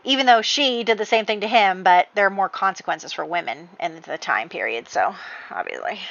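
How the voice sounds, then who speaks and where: A woman's voice: medium pitch, animated, a little fast, creaky, a bit bright, dull audio. A woman casually telling the story of her life-sim game, chatty and full of fillers. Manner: chatty, heavy on fillers like "you know" and "like". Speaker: let's play host.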